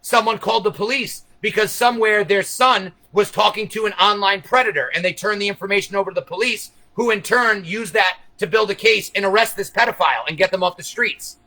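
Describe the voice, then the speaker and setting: Over poor audio, a US livestream host with a high, bright voice goes on a lengthy, off-the-cuff rant, cursing freely as he talks straight to his viewers. Brisk and barely pausing, he drifts between points and adopts a conspiratorial tone, urging his audience to follow him.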